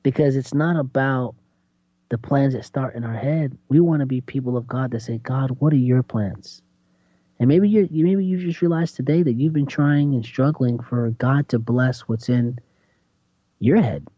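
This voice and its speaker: A man talks through scripture in a lively, preaching style, often acting out what people might say. His tone is mellow and warm. The sound is dry and slightly dull, with a lo-fi feel. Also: mid-range voice, moderate pace, no room sound. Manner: animated, laughs often, acts out quotes. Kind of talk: preaching-style faith talk.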